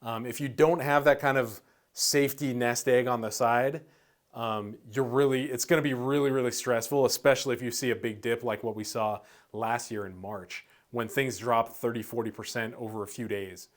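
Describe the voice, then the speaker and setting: A man's voice: medium pitch, moderate pace. A man hosting an investing channel, explaining in a casual, chatty way with lots of "um" and the odd "dude", sometimes acting out nervous investors. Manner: laid-back, chatty, uses "um" and "dude"; acts out worried investors in lively asides.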